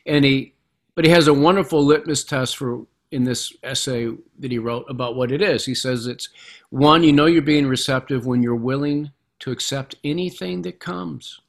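A man's voice: mid-range voice, normal speed, creaky. Reflective middle-aged man telling stories. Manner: reflective storyteller, repeats words as he gathers thoughts. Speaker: guest author. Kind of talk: conversational interview.

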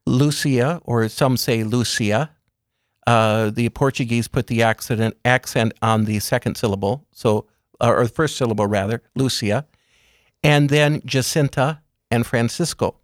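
A man speaking as a guest in an interview, explaining calmly with a measured, gentle storytelling manner. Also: mid-range voice, dry recording, clean studio sound. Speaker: guest speaker on religious topics. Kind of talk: calm explanatory interview talk.

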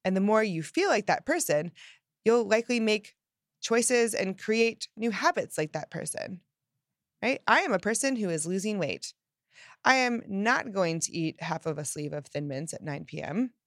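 A woman's voice: mid-range voice, expressive, normal speed, no room sound. A young woman speaks as a motivational host, upbeat and emphatic. She is heard up close in a dry, dead room. She punches her key phrases and slips into playful quoted inner voices. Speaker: self-help podcast host. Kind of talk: motivational talk to listeners.

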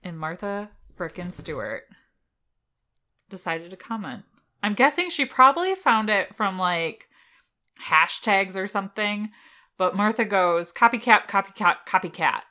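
A woman's voice: medium pitch, sing-song, a little slow, long pauses, pushed and bright. A woman co-hosting a casual podcast, giggling often and reading listener messages aloud. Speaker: podcast co-host. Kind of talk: casual chat.

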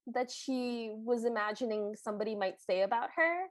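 A woman's voice: fairly high pitch, moderate pace, dry recording. A woman co-hosting a podcast, chatting casually and acting out quotes with playful voices. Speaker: podcast co-host. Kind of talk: casual chat recapping a TV special.

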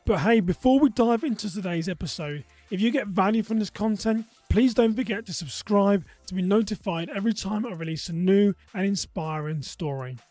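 A man's voice: high-pitched, moderate pace, hardly any pauses, warm tone, no echo, faint music behind. A man with a South London accent hosting a podcast, upbeat and talkative, often restarting his sentences. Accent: South London English. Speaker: podcast host. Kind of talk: podcast interview.

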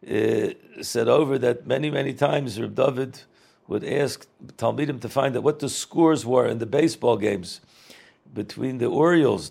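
A middle-aged man with a medium-pitched, gravelly voice that's a little mellow and has a breathy edge casually reminisces about a rabbi. He rambles and repeats words, sprinkling in Yiddish and Hebrew terms.

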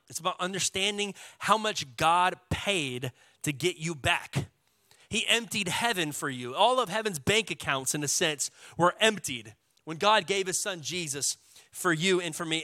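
A man with a Texan accent, a pastor preaching a sermon in a lively, casual way with call-and-response. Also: sits high, no echo.

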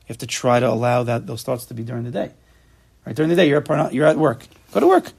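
Fast-talking man leading a study class, gravelly and husky. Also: medium pitch. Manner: fast, animated explaining with Hebrew terms. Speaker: Torah class teacher.

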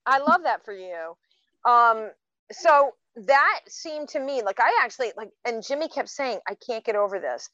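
A woman's voice: a little high, lively intonation, moderate pace, a bit bright, no room sound. A woman in her fifties co-hosting a podcast, telling stories in a casual, chatty way with plenty of fillers. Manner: chatty storyteller, many fillers. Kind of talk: casual chat. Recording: dull, dry sound.

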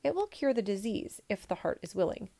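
A woman reading a storybook, voicing a humble young male peasant who speaks calmly and quietly. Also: medium pitch, a little fast, gravelly. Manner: calm and quiet.

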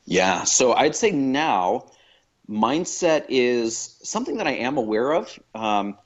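A man's voice: medium pitch, sing-song, takes it slowly, lo-fi sound. A man talking as a podcast guest, thoughtful and reflective, with many fillers and restarts. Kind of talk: reflective conversation.

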